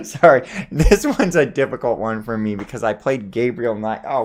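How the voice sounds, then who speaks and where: Man with a fairly low voice, casual and playful, vlogging from a small home studio. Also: normal speed. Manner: playful, musing aloud over his own pronunciations. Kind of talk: casual accent tag video.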